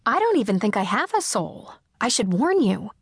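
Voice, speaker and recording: A woman voicing a sardonic, self-mocking teenage girl who talks quickly and chattily. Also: fairly high pitch, sing-song, slightly rough, no echo, clean studio sound, full character voice. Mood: chatty.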